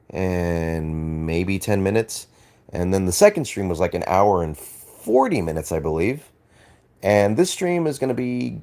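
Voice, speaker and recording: In casual live-stream chat, an Australian man reads messages and responds in a meandering, hesitant way, full of fillers and restarts, laughing and swearing freely. His voice sits on the low side with a slightly mellow tone.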